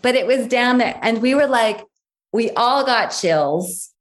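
A woman's voice: a little high, animated, measured pace. A woman recounting a family story as an interview guest. She leans on repetition for emphasis and slips into others' voices when she quotes them. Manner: emphatic, repeats key phrases. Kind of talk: personal storytelling.

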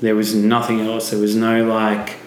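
A man's voice: on the low side, completely flat delivery, moderate pace, slight background noise. A man being interviewed as a podcast guest, telling a vivid personal story and swearing freely. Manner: vivid, swearing, acts out quotes. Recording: echoey room.

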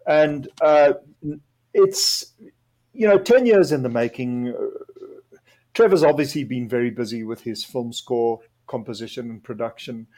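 A man's voice: mid-range voice, warm tone. A man co-hosting a podcast, casually reviewing an album with enthusiasm and a few fillers. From South Africa. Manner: enthusiastic, measured delivery with fillers. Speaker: podcast co-host.

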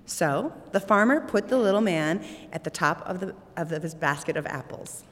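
A woman telling a storybook tale aloud, expressive and animated. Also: on the low side, normal speed. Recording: long hall reverb.

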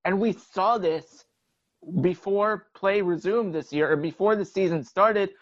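Young dude on a sports podcast, pretty high voice, dull lo-fi mic, steady talking. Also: male voice, a little slow, no echo. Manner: steady explaining, leans on "like". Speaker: podcast co-host. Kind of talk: casual sports podcast chat.

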